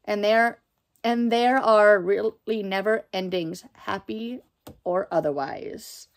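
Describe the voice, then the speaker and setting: A young woman chatting casually as she unboxes items for her book vlog, excitable and full of fillers. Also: medium pitch, slow, a little hiss or hum. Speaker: book vlogger.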